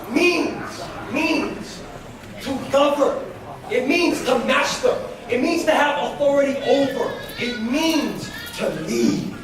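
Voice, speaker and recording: Motivational speaker, a man with a very high voice, preaching fervently and shouting at times, recorded from afar in an echoey school hall. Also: slow pace, distant mic, background noise. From United States. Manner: fervent, leads call-and-response, breaks into shouts. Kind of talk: preaching inspirational talk. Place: school hall before a live audience.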